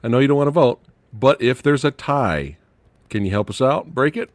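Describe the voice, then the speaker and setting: Lively stammering podcast host man. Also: mid-range voice, normal speed, no echo. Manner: hesitant, stammering. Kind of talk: casual chat.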